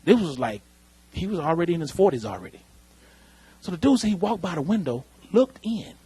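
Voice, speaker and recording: A man preaching a lively sermon in church, calling out to the congregation. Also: on the high side, a little fast, breathy edge, dry recording. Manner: animated preaching, calls out to the congregation. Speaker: pastor. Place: church sanctuary.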